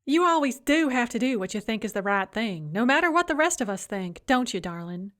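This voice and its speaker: A woman's voice: on the high side, sing-song, a little fast, a bit bright. A woman narrating an audiobook, voicing a doting, shrewd old grandmother with a fond, drawling, teasing manner. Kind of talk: audiobook character voice.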